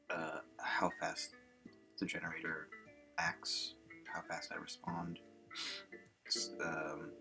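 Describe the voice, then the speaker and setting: A man streamer casually introducing a session, rambling with many pauses. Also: low-pitched, gravelly. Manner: rambling, full of fillers and restarts. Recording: guitar music under the voice.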